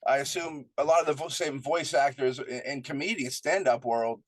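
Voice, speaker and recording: A man's voice: medium pitch, moderate pace, dry recording. A man hosting a podcast, asking loose, chatty questions with restarts. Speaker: podcast host. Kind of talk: casual interview chat.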